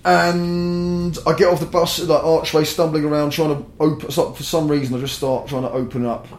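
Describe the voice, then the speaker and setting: A man's voice: on the high side, normal speed, faint music behind. Young man, casual swearing storyteller, roomy echo on the recording. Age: young adult. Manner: sweary, rambling, animated. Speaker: podcast guest.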